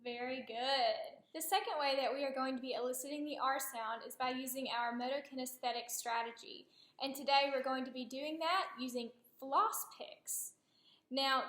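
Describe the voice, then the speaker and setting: A woman's voice: sits high, a bit bright. A woman speech therapist giving patient, encouraging instructions in a clinical demonstration. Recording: roomy echo.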